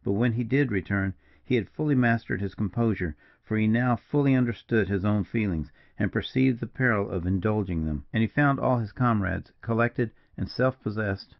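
A man narrating a classic novel in a measured, even-paced reading. The recording is dull and lo-fi. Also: on the low side, gravelly. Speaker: audiobook narrator. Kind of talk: scripted narration.

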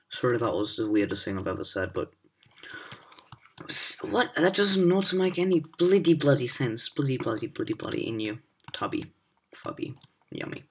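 A woman with a strikingly deep voice that swings widely in pitch, talking through a hard game in casual commentary. She grumbles, swears and drops to mutters under her breath, recorded on a laptop mic with keyboard clicks and a faint hiss behind. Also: very animated, moderate pace. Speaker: gamer playing a parkour map.

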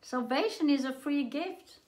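Woman preacher, middle-aged, slow earnest storytelling sermon, slightly high voice. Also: animated, darkish tone, rough recording. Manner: slow, earnest storytelling, rising fervent in exhortation. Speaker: preacher on a daily livestream.

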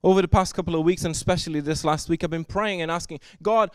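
Guy preaching, high voice, dry close sound, gets loud and emphatic. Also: fast, clean tone, no echo. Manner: earnest, swings from soft to loud and emphatic. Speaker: pastor. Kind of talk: sermon. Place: church service.

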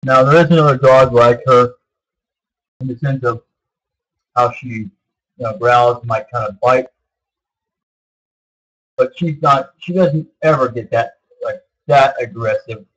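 Vlogger, male, early 30s, husky voice, meandering delivery, dull lo-fi recording. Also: mid-range voice, measured pace, long pauses, a bit bright. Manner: meandering, repeats himself, many fillers. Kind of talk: rambling casual monologue.

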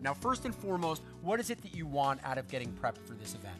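A man's voice: medium pitch, very animated, fast, over music. A man hosting a TV fitness show, coaching with upbeat encouragement. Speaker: fitness trainer and show host.

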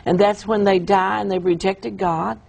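A woman telling an emotional, halting account of a vision in an interview. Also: medium pitch, steady tone, gravelly, a little mellow, breathy edge, low-quality recording. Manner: emotional, halting storytelling with restarts. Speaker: guest describing a vision. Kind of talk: earnest testimony in an interview.

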